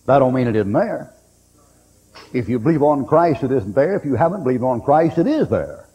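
A preacher man tells folksy stories from the pulpit, slipping into the voices of the people in them. His tone is dark and husky, and the recording carries a long hall reverb. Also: mid-range voice, big pitch swings, normal speed. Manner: folksy storytelling preacher, acting out quoted voices. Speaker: pastor. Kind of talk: sermon.

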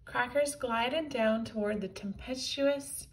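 A woman reading a children's book aloud in a clear storytelling manner. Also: on the high side, slow pace, recorded from a distance, poor audio.

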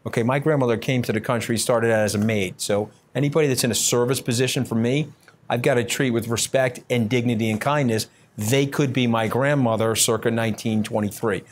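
A man answering interview questions bluntly and combatively, brash and scathing, talking in quick bursts with many fillers. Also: mid-range voice, fairly even intonation, a little hiss or hum. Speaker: interview guest.

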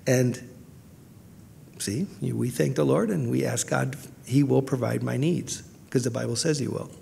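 Gravelly male pastor in reverberant hall. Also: mid-range voice, measured pace, warm tone, a little hiss or hum. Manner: earnest, storytelling with many restarts. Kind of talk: sermon. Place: large church hall.

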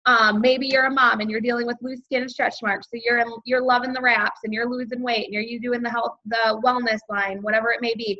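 Bright, upbeat woman leading a team call. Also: on the high side, little pitch movement, brisk, few pauses. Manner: upbeat, chatty, many fillers. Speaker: team leader hosting a sales training call. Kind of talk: motivational team training on a video call. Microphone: video call. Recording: dull lo-fi video call audio.

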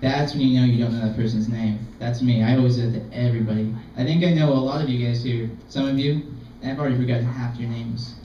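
A man's voice: mid-range voice, steady tone, dark tone, far from the mic, a little hiss or hum. Rambling young man doing stand-up. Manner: rambling, self-deprecating, halting. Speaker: stand-up comedian. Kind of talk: open mic stand-up. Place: small art gallery open mic. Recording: dull, echoey room recording from afar.

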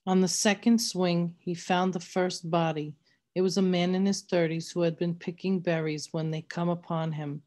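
A woman reading a novel aloud in steady, measured narration. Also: lowish voice. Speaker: reader.

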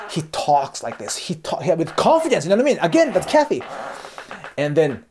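A man's voice: fairly high pitch, wildly swooping pitch, a little fast, a crowd in the background. A Japanese man speaking English with a Japanese accent, hosting a casual explanatory monologue about culture. He talks animatedly, swears casually, and keeps checking in with the viewer. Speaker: YouTube host and cross-cultural lecturer.

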